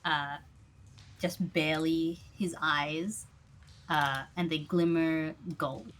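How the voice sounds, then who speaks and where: A woman narrating a tabletop game as game master, relaxed and hesitant, with many fillers. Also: deep voice, slow pace.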